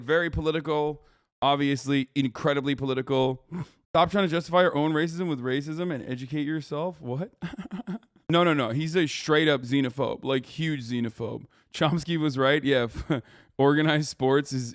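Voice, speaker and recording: A man's voice: mid-range voice, no echo, studio quality. A man commenting loosely on a clip during a live stream, swearing often and laughing between thoughts. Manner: loose, profane and laughing, with frequent fillers.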